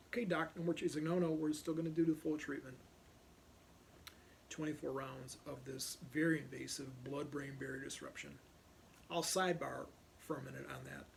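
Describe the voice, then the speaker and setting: A man with a gravelly, slightly high voice tells a personal story in a blunt, profane way. A faint hiss sits under the recording. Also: darkish tone.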